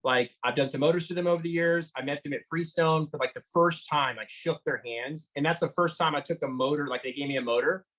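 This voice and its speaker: A man giving an interview, retelling a tense encounter in an animated way, with lots of fillers and restarts. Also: fairly high pitch, brisk, few pauses, poor audio. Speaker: motorcycle engine builder guest. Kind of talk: storytelling interview.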